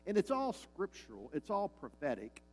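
A man's voice: high-pitched, wildly swooping pitch, moderate pace, low-quality recording. A male pastor preaching a sermon, emphatic and repeating his key lines, with frequent rhetorical questions to the congregation.

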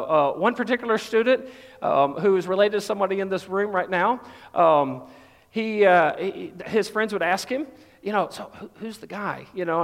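Middle-aged Southern-accented pastor, relaxed and chatty, a touch high-pitched, preaching in a big reverberant room. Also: male voice. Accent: light Southern US. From Texas. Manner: folksy, conversational, many fillers. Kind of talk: sermon.

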